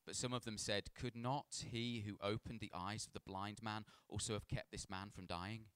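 Low, smooth-voiced pastor preaching. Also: male voice, steady tone, moderate pace, a bit bright, dry recording. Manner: conversational, self-deprecating storytelling with stumbles. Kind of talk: scripture reading and sermon.

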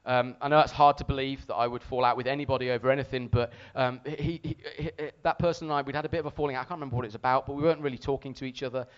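A man preaching a sermon to a congregation, telling a story with animated, shouted re-enactments. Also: medium pitch, racing, few pauses, smooth, lo-fi sound.

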